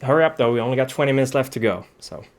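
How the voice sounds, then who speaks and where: A man narrating a tabletop game as game master, relaxed and matter-of-fact, with frequent ums. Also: mid-range voice, very fast, slight background noise.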